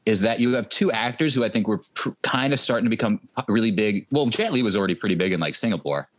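A man's voice: fairly low pitch, expressive, quick pace, no room sound. A man co-hosting a podcast, chatting casually and analytically about movies and sometimes acting out lines. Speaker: podcast co-host.

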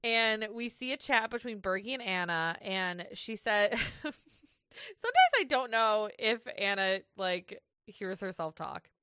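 A woman's voice: medium pitch, very animated, slow, bright, forceful tone, clear, resonant tone, no room sound, clean studio sound. A woman co-hosting a podcast, chatting casually through a recap and laughing easily as she reads from her notes. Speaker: podcast co-host.

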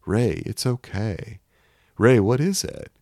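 A man's voice: fairly low pitch, expressive, slow pace, warm tone, no echo, studio quality, pitched above the performer's own voice, full character voice. A man voicing a distressed young married woman, pleading and insistent in a storybook reading. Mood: worried. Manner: pleading, rising to insistent outbursts.

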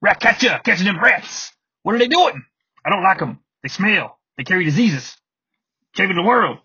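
A brash tough guy barks out short, blustery lines in a raised, husky voice, as a man puts on the impression. He sounds bossy and gruff. The recording is dull and lo-fi. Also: high voice, animated, moderate pace, no echo, voice pushed up, exaggerated voice. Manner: blustery, short shouted phrases.

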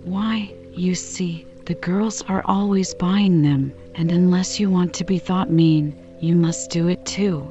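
Earnest self-important young girl as a woman reads her, slow, mellow, slightly dull lo-fi audio. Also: fairly low pitch, fairly even intonation, faint music behind. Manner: grave, earnest pleading.

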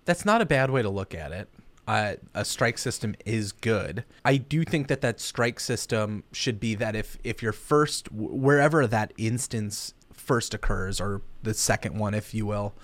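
A man's voice: on the low side, unhurried, fairly bright tone, no echo. A young man co-hosting a podcast, chatting casually with crude, joking humor. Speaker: podcast co-host. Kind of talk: casual chat.

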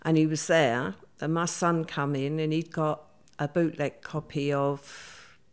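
Speaking unhurriedly in a smooth, steady, low voice, an older woman is a guest in an interview, recounting her own story. Her delivery is plain-spoken, and she performs what others said as she quotes them.

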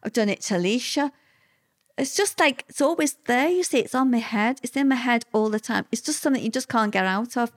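A middle-aged woman, recounting hard personal memories in an interview, halting and full of fillers and restarts. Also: a little high, lively intonation. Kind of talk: personal testimony in conversation.

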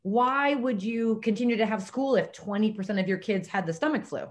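A woman's voice: mid-range voice, brisk. Thoughtful woman, rhetorical questions. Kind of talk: casual interview talk.

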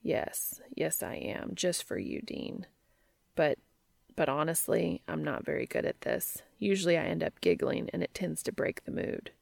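A shy, earnest man murmurs in soft breathy whispers, as a woman reader puts him on. The voice sits low with a gravelly fry, recorded close and dry with no room sound. Gentle and unassuming in an amateur audiobook. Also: unhurried, no room sound, heavily acted. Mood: tender.

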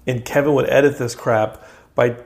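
Gravelly, laughing, rambling man. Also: mid-range voice, fairly even intonation, moderate pace, a little mellow. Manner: rambling, laughing, lots of filler words. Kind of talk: casual chat.

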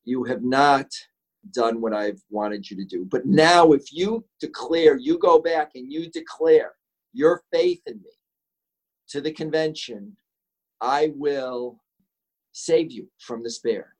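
Man playing a stern, quiet-voiced God, measured. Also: mid-range voice, rough recording. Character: solemn all-powerful God, male, commanding.

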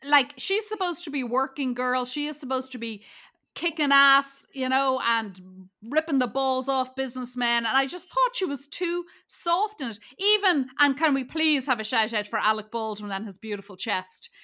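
A woman co-hosting a film podcast talks in a casual, blunt way, with hesitant ums and the odd swear word. Her voice sits high and sounds bright and sharp. She comes across as frank and plain-spoken. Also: moderate pace. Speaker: podcast co-host. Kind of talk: casual chat reviewing a film.

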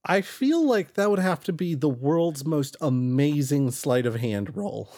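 A man's voice: on the high side, expressive, unhurried, darkish tone. A man playing a tabletop game, laid-back and jokey as he describes his moves. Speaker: player.

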